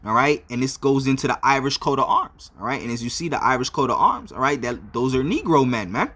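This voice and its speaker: A man's voice: medium pitch, expressive, brisk, bright, forceful tone. A man giving religious commentary on a video, filling his talk with "all right" and "uh" between phrases. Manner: repeats "all right" often, with many fillers.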